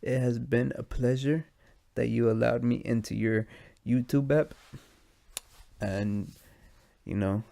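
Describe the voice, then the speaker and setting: Stoned, gravelly man rambling on his podcast. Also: on the low side, dark tone. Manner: rambling, profane and self-mocking. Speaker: podcast host. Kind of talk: casual solo podcast monologue.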